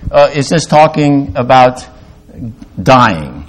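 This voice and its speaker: An older male pastor delivers a sermon in a mid-pitched voice. He swings from loud, emphatic peaks down to quiet, confessional lows, with halting restarts along the way. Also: big pitch swings.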